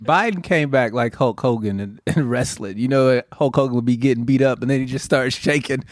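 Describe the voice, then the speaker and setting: A man's voice: mid-range voice, fairly quick, dry recording, clean studio sound. A man co-hosting a podcast, laid-back and wry, tossing in jokes during casual comedic chat. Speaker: podcast co-host.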